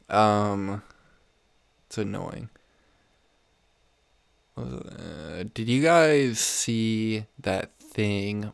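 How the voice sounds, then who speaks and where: A young podcast host with a fairly low voice and vocal fry rambles through a casual comedy show in his home room, swearing plenty and laughing often at his own stories. There's no room sound.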